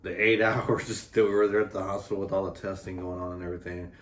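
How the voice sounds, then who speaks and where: A man's voice: low voice, little pitch movement, quick pace, far from the mic. A man vlogging with his partner about their pregnancy, talking in a heartfelt, rambling way with lots of fillers. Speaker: vlogger, expecting father. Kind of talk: casual couple vlog talk. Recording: echoey room, voice from off the mic, faint room noise.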